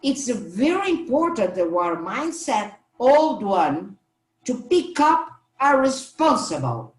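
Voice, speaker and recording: Slow, earnest woman panelist. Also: on the high side, very animated, reverberant. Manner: slow, earnest, halting with restarts. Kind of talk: panel discussion answer.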